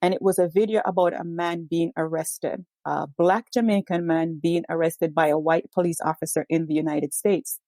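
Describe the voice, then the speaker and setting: A woman's voice: on the low side, fairly even intonation, moderate pace, hardly any pauses, mellow, dry recording. A woman, a guest educator speaking earnestly and emphatically in a discussion. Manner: earnest and emphatic, frequent "yes".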